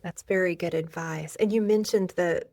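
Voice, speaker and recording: A woman's voice: fairly low pitch, steady tone, normal speed, vocal fry, a little mellow. A middle-aged woman hosting a podcast interview, affirming and reflective toward her guest. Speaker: podcast host.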